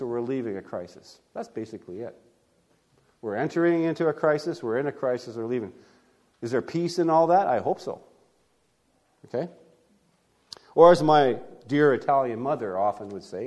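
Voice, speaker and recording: Delivering his sermon with a mid-range voice, this pastor keeps a conversational tone while asking rhetorical questions and repeating key phrases. His delivery alternates between loud, emphatic moments and quiet asides.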